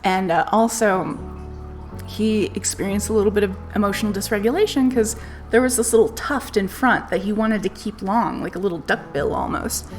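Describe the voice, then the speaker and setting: A woman's voice: mid-range voice, moderate pace. A woman streaming live, telling a personal story in a candid, casual way and swearing freely. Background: faint music playlist.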